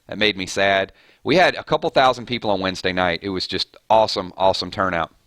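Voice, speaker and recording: A man hosting a casual gaming live stream, chatting loosely with viewers and giving shout-outs, his voice a little hoarse. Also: low-pitched, fast, dry recording. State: slightly hoarse. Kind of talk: casual live-stream chat over gameplay.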